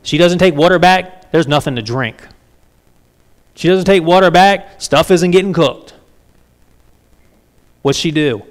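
A man's voice: on the high side, measured pace, pauses often. A man preaching a sermon in a conversational way, often checking in with the congregation. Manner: conversational, asks the congregation frequent questions. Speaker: pastor.

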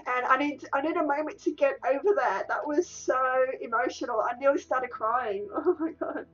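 A woman's voice: a little high, a bit bright. A woman doing let's-play commentary, emotional and exclamatory, often repeating the same exclamations. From Australia. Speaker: gaming YouTuber. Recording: distant, dull lo-fi mic.

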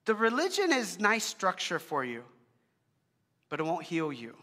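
A man's voice: high-pitched, huge pitch swings, unhurried, pushed and bright, big-room sound. A man preaching a casual, conversational sermon and praying, earnest with joking asides and frequent restarts. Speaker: pastor.

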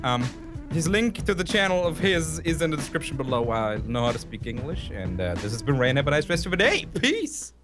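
A young man hosting a gaming channel, giving goofy, excitable gameplay commentary and swearing freely. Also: on the high side, quick pace. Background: background music.

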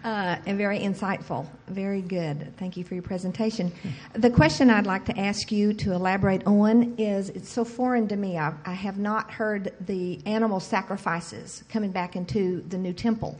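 A woman's voice: medium pitch, steady tone, moderate pace, hardly any pauses, darkish tone. A woman in the audience politely thanking the speaker and asking him a question. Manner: polite and gracious. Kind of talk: question from the floor.

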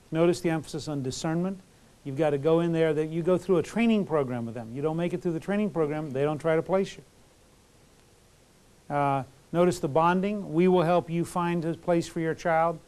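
Male lecturer, fairly high voice, loose conversational delivery full of fillers. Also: darkish tone. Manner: conversational, many fillers and restarts. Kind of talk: college lecture.

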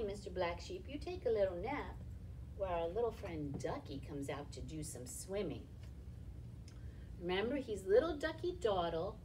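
High, slow singsong librarian woman. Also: far from the mic, a little hiss or hum. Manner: sing-song, encouraging, speaks to small children. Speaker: children's librarian. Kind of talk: storytime songs and rhymes for toddlers. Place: library room, indoors.

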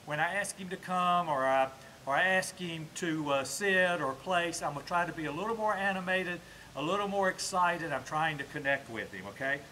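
A man's voice: fairly high pitch, normal speed, sharp tone, slight background noise. A man with a Southern US accent, a dog trainer explaining his methods outdoors between short commands to a puppy. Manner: explains to camera while working a dog, switching to short commands.

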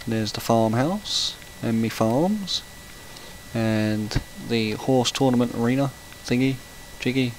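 A gaming channel host rambles and chats through a casual let's-play, breaking off to react to the game. His voice is medium-pitched, and the audio is poor with slight background noise.

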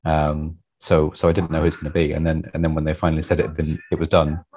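Very low-voiced husky man, self-deprecating. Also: monotone, fast talker, darkish tone, rough recording. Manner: self-deprecating, many restarts and repeated words. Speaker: author being interviewed. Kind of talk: casual interview chat.

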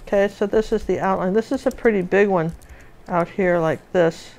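A woman's voice: medium pitch, normal speed, a little mellow. A woman teaching a live painting lesson, chatting and thinking aloud as she works.

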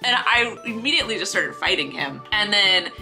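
A young woman chatting to her camera in a casual vlog, her bright voice swooping up and down as she acts out both sides of a story. She laughs often. Soft music plays faintly behind her. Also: medium pitch, expressive, moderate pace, vocal fry. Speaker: vlogger.

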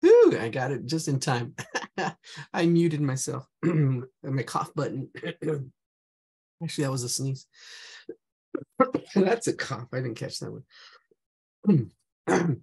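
Drawing teacher, male, gravelly, slow, losing his voice, casual and chatty. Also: medium pitch, lively intonation, a little mellow. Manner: casual, hums and talks to himself while sketching. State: losing his voice, clearing his throat. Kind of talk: live online drawing class.

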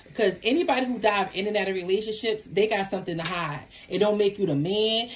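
A woman's voice: mid-range voice, a little hiss or hum. A woman giving a casual tarot reading, talking emphatically to viewers. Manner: animated, emphatic, talks back to the cards. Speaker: tarot reader.

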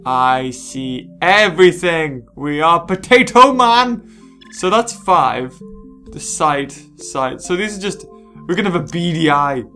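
A gaming host giving excitable let's play commentary, full of squealing exclamations. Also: medium pitch, measured pace. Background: game music.

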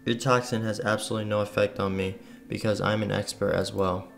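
A young female half-demon warrior answers her foes calmly and dryly, read aloud by a man. The voice is low and gravelly. Faint game music runs behind. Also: a little fast. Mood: cool. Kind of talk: reading game dialogue aloud.

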